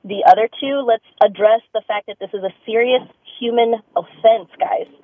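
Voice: medium pitch, steady tone, normal speed, no room sound. A caller on a talk radio show giving an earnest opinion. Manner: earnest, addresses listeners as guys. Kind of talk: call-in comment. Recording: phone line.

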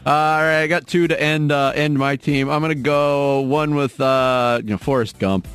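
Male host, mid-pitch, easygoing, keeps the show moving. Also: steady tone, moderate pace, hardly any pauses, a bit bright, smooth, soft background music. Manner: easygoing, steers the segment. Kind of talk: casual chat.

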